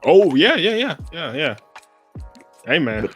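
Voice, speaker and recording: A man's voice: fairly high pitch, big pitch swings, slow, a bit bright, husky, faint music behind. A man with an American accent co-hosting a casual sports podcast. He rambles in a laid-back way and keeps saying "bro.". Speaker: podcast co-host.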